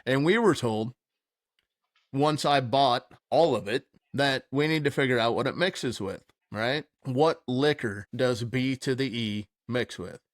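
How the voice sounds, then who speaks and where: A man telling a wild story in casual chat, animated, laughing and swearing freely. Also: mid-range voice, a little slow, dry recording, clean studio sound. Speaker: podcast co-host.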